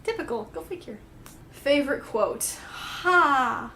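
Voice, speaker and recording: A young woman chats through a book questionnaire in a casual vlog, full of "um" and "like" and quick giggles. Her voice sits a little high. A faint hiss of room noise runs under it. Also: expressive, sharp tone. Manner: chatty, rambling, frequent fillers and giggles. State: tearful, crying. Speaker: book vlogger.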